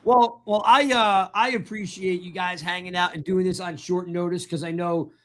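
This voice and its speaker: A man with a high voice hosts a laid-back football podcast. He talks in a friendly, meandering way, often restarting his sentences. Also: fairly even intonation, normal speed, fairly bright tone. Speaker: podcast host. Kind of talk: casual sports podcast chat.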